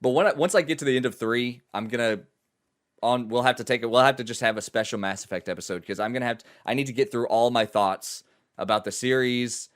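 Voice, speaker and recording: A man's voice: mid-range voice, quick pace. A man co-hosting a gaming podcast, talking casually and rambling with frequent restarts. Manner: rambling, self-correcting, breaks into an auctioneer voice. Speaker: podcast co-host and streamer. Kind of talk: casual chat.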